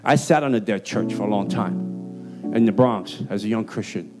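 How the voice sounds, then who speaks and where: A man with a Puerto Rican accent preaching an emphatic, streetwise sermon with an altar call. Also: moderate pace. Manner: emphatic, streetwise, jumps in pitch for punchlines. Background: guitar music.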